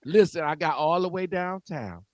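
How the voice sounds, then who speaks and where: A man's voice: on the high side, animated, normal speed, a little mellow, no echo. A man, co-hosting a casual talk show, tells a story with laughs and stammers. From Cleveland, Ohio. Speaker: co-host.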